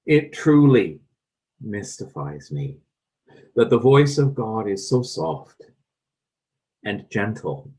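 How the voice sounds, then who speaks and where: A man with a Canadian accent preaching a sermon in a church, gentle and reflective. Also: sing-song. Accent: Canadian English. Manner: slow, gentle and reflective with wide swings in pitch and loudness. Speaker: pastor.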